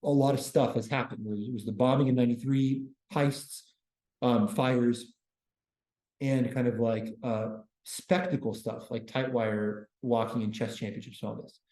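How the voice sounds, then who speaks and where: A man giving a casual classroom history lecture as a university lecturer, breaking it up with deadpan joking asides. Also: mid-range voice, unhurried. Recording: roomy classroom echo.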